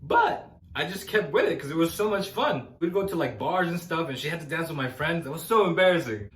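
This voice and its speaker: Lively young man doing stand-up. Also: fairly high pitch, fast talker. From Los Angeles. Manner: animated storytelling, acting out quoted voices. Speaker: stand-up comedian. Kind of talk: stand-up comedy set. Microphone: no microphone, camera mic. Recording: roomy echo, faint ambience, no microphone.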